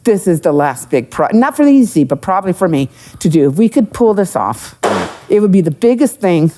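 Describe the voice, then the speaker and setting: A woman's voice: lowish voice, brisk, background noise. A middle-aged woman, an economic development executive, telling stories as a guest on a live podcast, with asides and jokes. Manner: animated storyteller, jokes and asides. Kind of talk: live podcast interview with audience.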